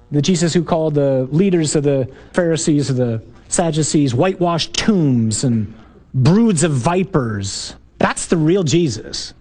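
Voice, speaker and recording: Addressing his parish group, this male priest talks with a fairly high pitch. His delivery is emphatic and animated, leaning on rhetorical questions and short, forceful lines he repeats.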